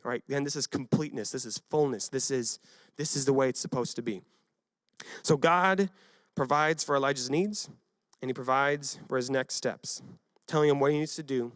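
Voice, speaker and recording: A young man giving a casual youth sermon, retelling a Bible story with lively acted quotes and frequent asides to his listeners. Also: medium pitch, moderate pace, dry recording, studio quality. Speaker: youth pastor.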